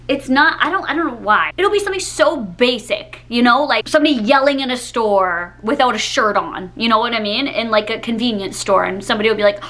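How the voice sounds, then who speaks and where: A young Canadian woman vlogging casually to her viewers, chatty and animated, laughing often and saying "like" a lot. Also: fairly high pitch, fairly quick, hardly any pauses. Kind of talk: casual ranting chat to camera.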